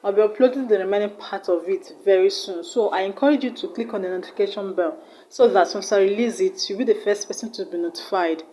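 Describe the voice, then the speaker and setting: A woman's voice: medium pitch, quick pace, warm tone, slight background noise, low-quality recording. A woman with a Nigerian accent teaching an online exam-prep lesson, patiently repeating each word and sounding it out syllable by syllable. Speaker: English teacher.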